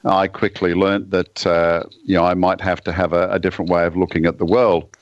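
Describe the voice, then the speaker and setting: Deep-voiced Australian man, measured and wry. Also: flat delivery, no room sound, dull audio. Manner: measured, thoughtful, dry humor. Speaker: guest author and ministry leader. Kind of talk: casual radio interview.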